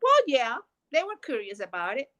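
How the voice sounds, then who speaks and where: A woman. Her voice sits fairly high. She tells her story earnestly and emotionally, as a mother talking about work and family. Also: huge pitch swings, normal speed, a bit bright, muffled recording. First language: Spanish. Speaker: guest. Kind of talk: personal testimony.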